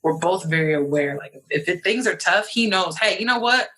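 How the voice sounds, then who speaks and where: A woman's voice: fairly low pitch, expressive, fairly quick, sharp tone, breathy edge, rough recording. A young woman from New York, a guest in a casual interview, talking animatedly and acting out quoted voices. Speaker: podcast guest.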